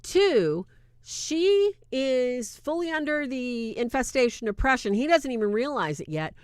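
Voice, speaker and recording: A woman talks through a film's plot in a chatty, conversational way. Her pitch swings widely as she narrates. The sound is dry and close. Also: sing-song, unhurried, smooth, no echo. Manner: retells scenes with acted-out quotes, chatty. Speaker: movie reviewer. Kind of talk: casual film recap, live-streamed.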